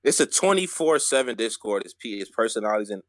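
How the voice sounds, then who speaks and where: A man's voice: lowish voice, sing-song, fast talker, dry recording, clean studio sound. A man co-hosting a podcast, hyping listeners up with street slang. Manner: hyped, promotional, street slang. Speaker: podcast co-host. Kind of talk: casual podcast chat.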